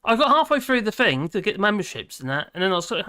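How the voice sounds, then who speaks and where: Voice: medium pitch, animated, fast, hardly any pauses, pushed and bright, no echo, studio quality. A host with a British accent chatting casually on a live stream, reading out viewer comments and humming between them. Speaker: livestream host.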